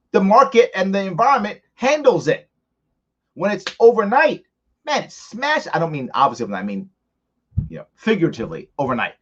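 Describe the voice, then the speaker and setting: Animated man hosting a live Q&A. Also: a little high, slightly rough. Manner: animated, conversational, arguing by examples. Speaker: host answering live viewer questions. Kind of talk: live ask-me-anything stream. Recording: slightly dull lo-fi stream audio.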